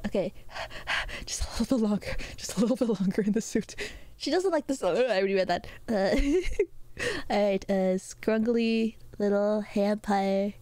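A woman streamer chatting casually with her viewers while drawing, playful and rambling, with many filler pauses. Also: mid-range voice, a little mellow, no echo.

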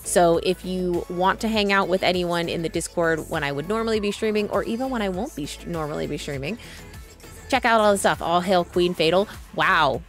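A woman's voice: on the low side, a little fast, soft background music. A woman in her thirties, a streamer chatting casually and rambling through stories with frequent restarts. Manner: rambling, chatty, self-interrupting. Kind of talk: casual chat.

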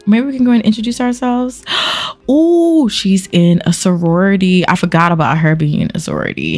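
A young woman hosting a let's play, talking to viewers in an animated, slangy, casual way. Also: lowish voice, normal speed, soft background music. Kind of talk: casual game commentary.

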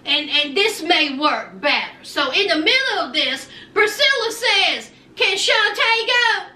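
High bright-voiced woman recapping reality TV. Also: measured pace, roomy sound, recorded from a distance. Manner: animated, acts out people's lines in voices; folksy slang, "honey", "child". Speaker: recap vlogger. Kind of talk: casual reality-show recap.

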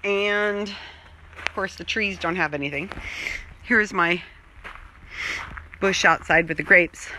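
A woman's voice: fairly low pitch, slow, long pauses, bright, forceful tone, a little hiss or hum, low-quality recording. A woman chatting casually while filming a tour of her own outdoor garden on a handheld phone, rambling as she goes. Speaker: vlogger. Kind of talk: casual chat.

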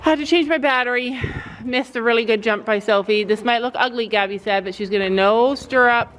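Mom vlogger talking to camera at a horse arena, casual, bit sarcastic, slightly high voice. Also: female voice, a little fast, fairly bright tone. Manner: chatty, explains to viewers, sarcastic jokes. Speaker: vlogger filming her daughter's riding practice. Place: outdoor riding arena.

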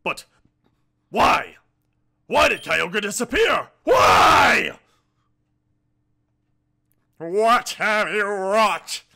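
A man voicing a brash, hot-headed male villain gang leader in a game playthrough, loud and theatrical, with a strained throat. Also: sits high, sing-song, extremely slow, creaky, pauses often, full character voice. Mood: alarmed. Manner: loud, theatrical, often shouting.

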